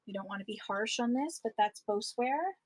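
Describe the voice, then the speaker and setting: A woman hosts a casual live sale, talking in an easy, rambling way and getting excited over old pottery. Her voice sits a little high. The sound is dry, with no room echo. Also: brisk. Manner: chatty, rambling, enthusiastic about vintage items. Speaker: live-stream online seller. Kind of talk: casual live-selling chat.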